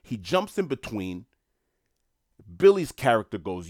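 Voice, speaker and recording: New guy chatting to his viewers, rambling, lowish voice, dry close mic. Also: expressive, moderate pace, dry recording. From New York. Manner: rambling, conversational, addresses viewers. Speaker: commentator. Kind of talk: casual monologue.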